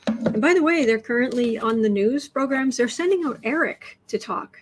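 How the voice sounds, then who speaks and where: A woman's voice: on the high side, expressive, normal speed, noisy background. A woman hosting a casual tarot livestream from a room indoors, chatting loosely with many restarts and reading out viewer comments. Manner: chatty, frequent restarts and repeated words. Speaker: tarot reader and livestream host.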